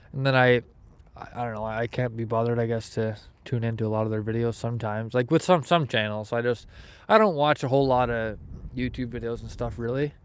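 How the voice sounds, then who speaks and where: A man's voice: medium pitch, clear, resonant tone. Laid-back man chatting on a live fishing stream. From Canada. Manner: easygoing, chatty, rambling with restarts. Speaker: fishing livestream host. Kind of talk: casual livestream chat, reading viewer comments aloud. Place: outdoors, fishing in snow.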